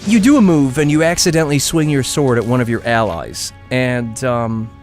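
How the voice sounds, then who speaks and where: A man's voice: medium pitch, animated, normal speed, soft background music. A man streaming a game, rambling and ranting with frequent laughter and restarts. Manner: rambling, ranting, self-interrupting; laughs often, exaggerated complaints. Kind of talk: live gameplay commentary.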